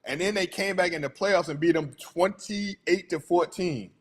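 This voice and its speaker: A man's voice: high-pitched, normal speed, slightly rough. Chatty, hyped man talking sports. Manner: chatty, hyped, laughs often. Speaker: sports talk host. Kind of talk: casual sports chat.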